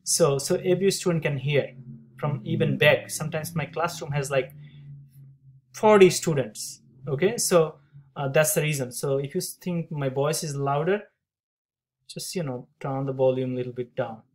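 Loud teacher with a classroom voice. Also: mid-range voice, normal speed. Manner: upbeat, talks steps aloud. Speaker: math teacher. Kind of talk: calculator tutorial walkthrough.

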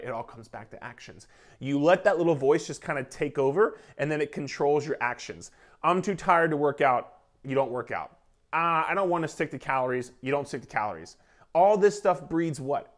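A man coaching viewers on weight loss in an emphatic, repetitive pep-talk style, casual and sometimes swearing. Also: a little high. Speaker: fitness coach. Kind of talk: motivational talk to camera.

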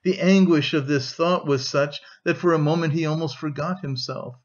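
A man narrating an audiobook of a classic novel in steady, even scripted storytelling. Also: fairly high pitch, normal speed, dull audio.

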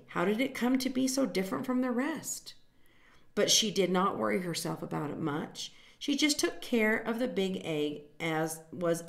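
Woman, storytime reader, gentle, explains words to children, mid-pitched voice, echoey room. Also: creaky. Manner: gentle, stops to explain words and point at pictures. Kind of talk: reading a picture book aloud to children.

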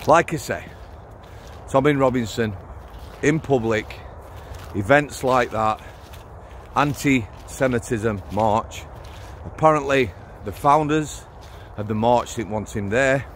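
A Yorkshire man from Sheffield in his fifties speaks to camera outdoors, taking his time over each blunt, punchy phrase. His voice sits in an ordinary middle pitch. A faint outdoor ambience runs underneath. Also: takes it slowly, pauses often, slight background noise. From Sheffield, Yorkshire, England. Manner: blunt, plain-spoken, punchy short phrases. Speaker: former prison officer and vlogger. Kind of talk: casual monologue to camera. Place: outdoors on a cold hilltop.

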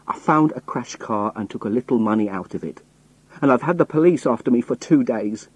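A man voicing a hunted young man who poses as a rough sailor, protesting and pleading. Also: mid-range voice, expressive, fairly quick, a little mellow, no echo, low-quality recording. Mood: pleading, angry.

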